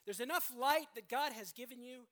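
High-voiced earnest male pastor preaching. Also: moderate pace. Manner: earnest, swings from loud emphasis to quiet low stretches, frequent restarts. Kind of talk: sermon.

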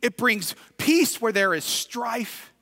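A high, bright male pastor with a Midwestern American accent delivers a sermon in a church, his voice ringing through a long reverberant hall. He drops to near-whispers at the ends of phrases and rises to shouted emphasis. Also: animated, slow. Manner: builds from quiet reflection to shouted emphasis. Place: church sanctuary. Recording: reverberant hall, distant at times.

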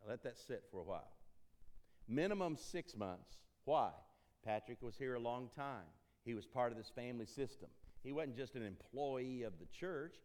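A man's voice: medium pitch, normal speed, a little mellow. A man from Tennessee speaking in a church as an interim ministry consultant, folksy and joking, repeating phrases for emphasis. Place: church sanctuary.

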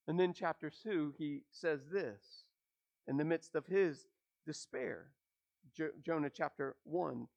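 A man preaching a sermon, asking rhetorical questions and dropping his voice low at the ends of phrases. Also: creaky, highs cut off. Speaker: pastor.

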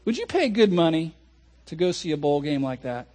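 A man preaching a sermon as a pastor, telling a lively story and acting out people's reactions. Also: on the high side, normal speed. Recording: audio recording of a sermon.

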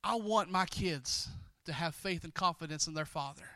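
A man pastoring a congregation, exhorting quickly and praying with many repeated words. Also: on the high side, sharp tone, no echo. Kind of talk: sermon and closing prayer.

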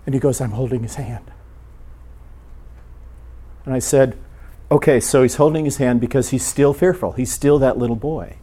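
A man preaching a sermon, telling a story and acting out prayers, often dropping to a near hush. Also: mid-range voice, fairly quick, hardly any pauses. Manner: animated storyteller, acts out prayers, drops to a hush.

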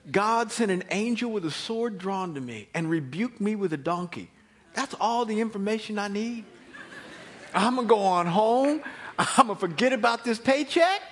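A man voicing a greedy ancient prophet who exclaims in a raised, excitable voice. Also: high voice, voice pushed up.

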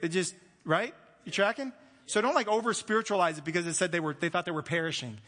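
A man preaching a sermon, animated and playful, acting out the voices of the disciples. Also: sits high, fast. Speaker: pastor. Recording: long hall reverb.

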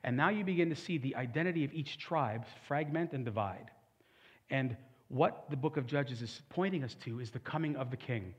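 A man's voice: mid-range voice, expressive, normal speed, slightly rough, lo-fi sound. A man preaching a sermon as a pastor, conversational with humorous asides.

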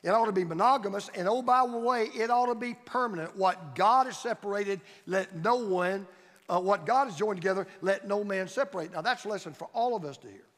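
A man's voice: high-pitched, fairly quick, a bit bright, big-room sound. A man preaching a sermon as pastor in a church, building his points through emphatic, repeated phrases. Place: church sanctuary.

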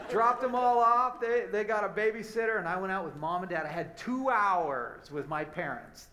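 A man sharing the pulpit in a conversational sermon, his voice sitting a little high. He tells stories with animation and breaks into easy laughs. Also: normal speed, few pauses, bright, forceful tone, a little hiss or hum.

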